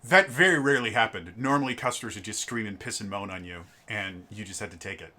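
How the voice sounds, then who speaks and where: A man in his twenties telling an animated, casual story about his old retail job. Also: fairly low pitch, fast. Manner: animated, lively storytelling with restarts. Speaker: storyteller, former retail tech manager. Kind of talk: casual anecdote.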